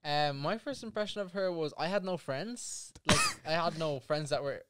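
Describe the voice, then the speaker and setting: A man's voice: on the high side, moderate pace, very noisy. A young man guest chatting casually on a podcast, rambling with lots of fillers. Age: young adult. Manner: laid-back, rambling with fillers. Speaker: guest, social media creator. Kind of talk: casual chat.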